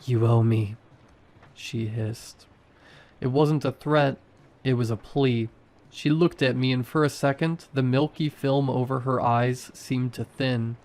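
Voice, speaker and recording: Guy reading scary stories real slow, steady middle voice. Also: medium pitch. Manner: slow, measured delivery. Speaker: storyteller. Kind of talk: scripted horror narration.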